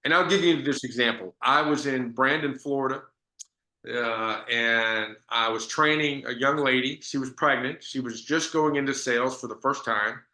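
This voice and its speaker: A man's voice: medium pitch, normal speed, pushed and bright, roomy sound. A man giving a business sales training talk, telling stories in a conversational way with frequent restarts.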